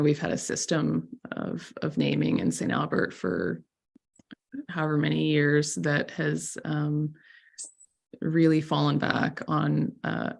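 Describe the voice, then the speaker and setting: A man's voice: fairly high pitch, creaky. A man councillor in a council chamber, arguing his point in a loose, conversational way and teasing a colleague. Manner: conversational, teasing, lots of fillers. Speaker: city councillor. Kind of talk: council debate.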